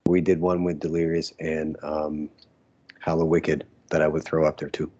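Male guest, deep and husky, easygoing storyteller; muffled lo-fi sound. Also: level tone, a little slow, mellow. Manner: laid-back storyteller, laughs often. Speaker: former pro wrestler guest. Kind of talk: casual interview recollection.

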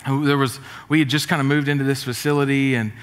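A middle-aged man, preaching a sermon with jokes and energetic, rising emphasis. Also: medium pitch, fast talker. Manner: energetic, joking, rising to shouts. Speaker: pastor. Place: church auditorium. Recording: reverberant church hall.

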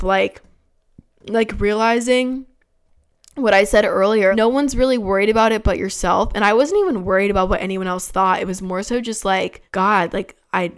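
A young woman in her twenties tells a personal story candidly, her mid-pitched voice carrying a gravelly vocal fry. She talks frankly and casually, swears often and fills her sentences with "like". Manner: frank and swearing, many "like" fillers. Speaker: podcast host.

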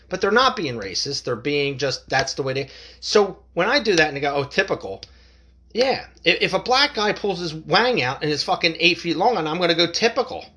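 A man's voice: a little high, sharp tone. Blunt, profane man ranting on his podcast. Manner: blunt, profane, rambling with restarts. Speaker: podcast host. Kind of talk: casual solo podcast rant.

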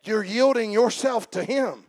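With a high-pitched voice, a man addresses a congregation during a sermon, using humor and speaking right to them. Loud, slowed-down emphasis gives way to quiet asides.

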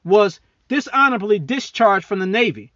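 A man's voice: high-pitched, expressive, moderate pace, bright, forceful tone, dry recording, muffled recording. A man hosting a podcast, ranting angrily about politics with heavy profanity and mocking asides; he talks as a serving military member. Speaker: podcast host. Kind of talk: angry political rant.

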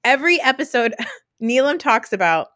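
A woman's voice: high-pitched, sing-song, fairly bright tone, no echo, studio quality. Opinionated woman podcast host. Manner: fast, opinionated, filler-heavy "like". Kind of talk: casual podcast chat.

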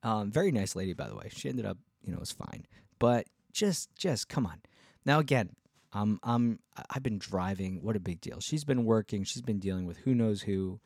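A young man with a low voice, recorded close and dry, tells a casual road story. He rambles, restarts his sentences often and acts out the lines of the people he met. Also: animated, normal speed, gravelly, darkish tone, dry recording. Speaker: touring musician and podcast host.

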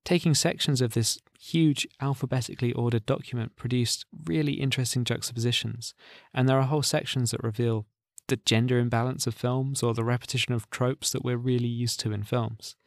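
A man hosting a podcast, calmly explaining the background of a poem in a scripted introduction. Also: medium pitch, a little fast, creaky, hardly any pauses, no room sound, studio quality. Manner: calm, explanatory. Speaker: podcast host.

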